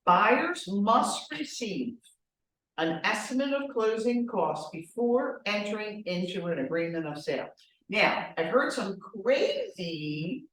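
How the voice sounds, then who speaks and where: A woman running a training class talks in a direct, animated way and keeps asking rhetorical questions. She stands some way from the microphone. Her voice rings through a very echoey room. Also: medium pitch, slow pace, far from the mic. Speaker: real estate trainer.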